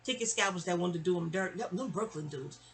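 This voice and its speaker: A woman's voice: lowish voice, quick pace, faint music behind. Chatty New woman telling stories. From New York City. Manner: chatty, animated, digressive. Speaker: storyteller. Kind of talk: casual storytime venting.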